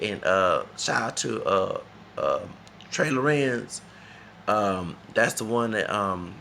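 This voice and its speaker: A man's voice: on the low side, vocal fry, sharp tone, a little hiss or hum. A man from Texas, talking in a rambling, emphatic casual monologue that repeats itself and slips into Spanish phrases. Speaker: vlogger.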